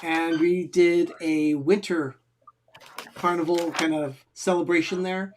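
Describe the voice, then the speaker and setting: A man's voice: on the high side, steady tone, slow, slight background noise. A man co-hosting a casual watch party, easygoing and matter-of-fact. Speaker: co-host.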